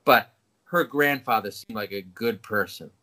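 A middle-aged man co-hosting a podcast, reading listener comments and joking with dry, deadpan sarcasm. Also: on the low side, measured pace. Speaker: podcast co-host. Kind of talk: casual podcast chat.

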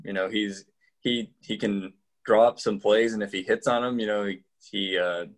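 Man, lowish voice, sports podcast co-host, measured and hedging. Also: steady tone. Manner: measured, hedging, filler-heavy. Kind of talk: casual sports talk.

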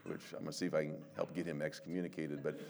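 A man's voice: extremely low pitch, level tone, racing, creaky, heavy background noise. An older man, a pastor of many years, giving a conversational sermon, telling stories with self-deprecating humor and acting out quotes.

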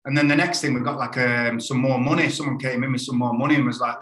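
A man's voice: medium pitch, fairly even intonation, quick pace, fairly bright tone. A man in his thirties from Ireland, a guest actor chatting casually and easygoingly, laughing often and calling the host mate. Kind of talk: casual chat. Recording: echoey room.

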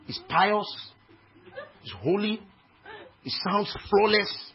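High-voiced Nigerian preacher, impassioned. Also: male voice, lively intonation, moderate pace, long pauses, husky. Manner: impassioned, swinging from hushed to shouting. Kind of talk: sermon. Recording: dull lo-fi recording with faint noise.

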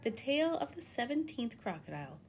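A woman narrating a children's storybook in an expressive, animated way. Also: a little high, normal speed, slight background noise. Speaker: audiobook narrator.

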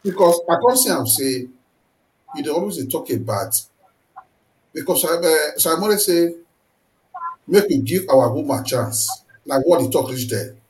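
A man's voice: fairly high pitch, lively intonation, measured pace, pauses often, a little mellow. A Nigerian man hosting an interview, praising his guest and asking long, winding questions. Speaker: interview host. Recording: roomy echo.

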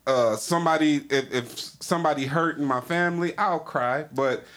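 A man's voice: fairly high pitch, normal speed, fairly bright tone. Podcast host, man, AAVE slang, candid, rambling, casual chat.

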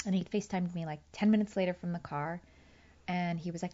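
A woman's voice: lowish voice, a little fast, mellow, lo-fi sound. A woman candidly recounting a fight with her partner, acting out both sides of the conversations. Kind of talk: candid personal storytelling.

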